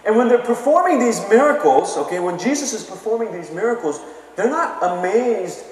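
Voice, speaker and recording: A man's voice: high-pitched, animated, moderate pace. A man preaching a sermon in a conversational way, often checking in with his listeners. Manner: conversational, keeps asking "okay?". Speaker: pastor. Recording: echoey hall, mic from far off.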